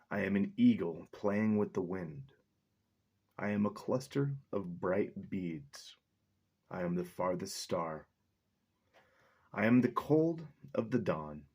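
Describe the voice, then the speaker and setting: A man's voice: low voice, darkish tone, breathy edge. A man chatting casually on camera, joking around between reading poems aloud. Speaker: vlogger reading poetry aloud. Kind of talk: casual chat and poetry reading.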